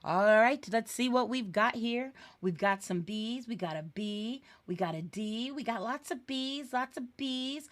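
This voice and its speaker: Playful, high-voiced woman tutor. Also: expressive, measured pace, hardly any pauses, no room sound. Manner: playful, chatty, sings snippets and cheers. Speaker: real estate exam tutor. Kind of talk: live webinar teaching.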